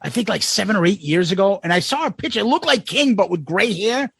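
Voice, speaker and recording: A man co-hosting a casual podcast, telling stories in an animated, profane way and laughing often. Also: sits high, quick pace, gravelly, breathy edge, no echo, studio quality. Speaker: podcast co-host.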